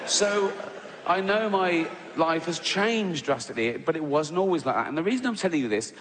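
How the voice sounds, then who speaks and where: English comedian working a big theatre crowd. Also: male voice, fairly high pitch, lively intonation, moderate pace, noisy background. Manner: rambling, self-interrupting, conversational. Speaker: stand-up comedian. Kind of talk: stand-up comedy routine. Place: large theatre stage. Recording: live venue with long reverb and loud crowd.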